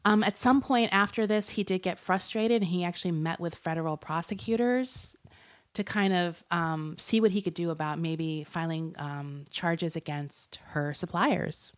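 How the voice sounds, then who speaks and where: A woman's voice: on the low side, moderate pace. A woman co-hosting a podcast, retelling a true-crime story in casual, rambling chat and laughing often. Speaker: podcast co-host.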